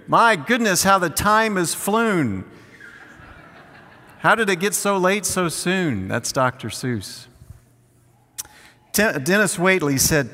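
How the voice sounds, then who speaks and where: A man preaching a sermon, leading the congregation through call-and-response scripture reading with slow, drawn-out emphasis. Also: on the high side, bright, forceful tone. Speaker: pastor. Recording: long hall reverb.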